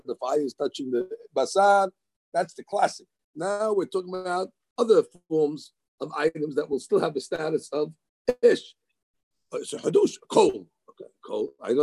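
A man teaching Talmud in a lively study session, mixing Hebrew terms into his English. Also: a little high, dry recording. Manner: animated, excitable, mixes Hebrew terms into English.

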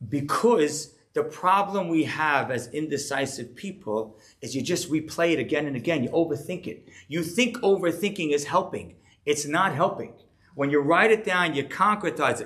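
Middle-aged guy rabbi giving a chatty sermon, kinda high voice, gets really animated. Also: moderate pace. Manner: animated, conversational preaching with rising emphasis.

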